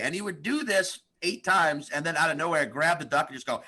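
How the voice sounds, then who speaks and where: A man who is a guest comedian on a podcast, telling animated stories and acting out the people in them. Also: on the high side, a little fast, hardly any pauses, a little hiss or hum. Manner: animated storyteller, acts out the people he describes. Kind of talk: podcast chat.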